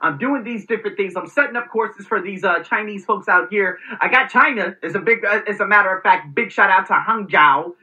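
A man hosting his own motivational vlog, talking with energetic, emphatic delivery and some salty language. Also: high voice, a little fast, few pauses, poor audio. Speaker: host.

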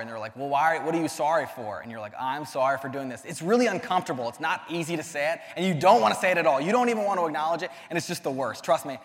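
A man's voice: on the high side, fast, few pauses. A young man giving a casual sermon to a youth group, earnest and conversational, often restarting his sentences. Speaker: youth ministry speaker. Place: church hall. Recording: long hall reverb.

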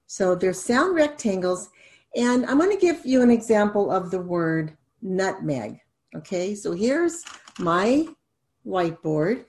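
A woman reading tutor giving an instructional video lesson, sounding out letters and syllables slowly and clearly. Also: mid-range voice, darkish tone.

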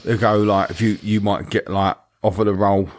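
A man's voice: lowish voice, level tone, a little fast. A man, co-hosting a casual podcast chat with dry, teasing remarks. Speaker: podcast co-host.

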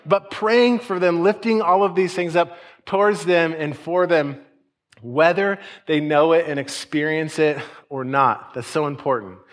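Casting: man, forties, relaxed pastor, slightly high voice, chatty sermon delivery. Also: unhurried. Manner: conversational, folksy, with asides and quoted voices.

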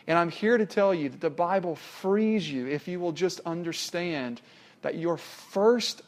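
Emphatic preacher, fairly high voice. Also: male voice. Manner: emphatic, rhetorical questions, swings from loud to hushed. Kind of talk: sermon.

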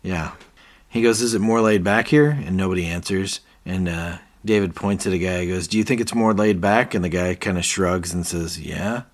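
This podcast co-host has a low voice and a moderate pace. In casual chat he retells scenes, acting out the characters' lines between laughs.

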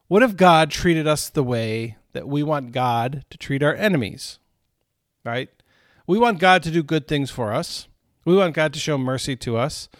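Man, pastor type, slightly high voice, dry close sound, earnest conversational Bible teacher. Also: no echo. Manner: earnest, conversational teaching with frequent "right?" asides. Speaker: pastor leading Bible study. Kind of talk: recorded Bible study talk.

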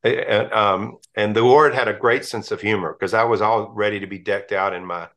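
Bright-voiced man telling chatty stories. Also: on the low side, fairly even intonation, normal speed. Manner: chatty storyteller, many restarts and laughs. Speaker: guest, Episcopal priest. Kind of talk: casual conversation.

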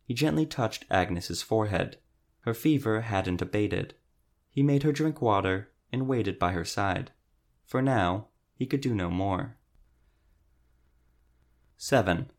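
Low-voiced male audiobook narrator. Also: lively intonation, takes it slowly, pauses often. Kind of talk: scripted narration.

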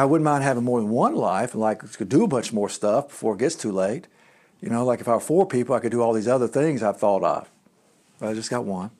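A middle-aged man giving a conversational sermon as a pastor, talking in a halting way with restarts and asides. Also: mid-range voice, darkish tone.

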